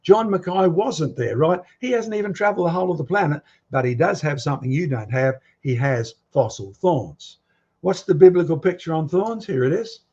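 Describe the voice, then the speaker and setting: A man's voice: fairly high pitch, lively intonation, brisk, darkish tone, slightly rough. A man giving an emphatic creationist presentation, challenging his audience with questions. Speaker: creationist speaker. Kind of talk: presentation lecture. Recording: muffled lo-fi recording.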